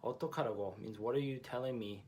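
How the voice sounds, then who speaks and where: A man's voice: mid-range voice, rapid-fire, a little mellow, slight background noise. Man, language teacher, mid-range voice, patient explaining, says each example twice.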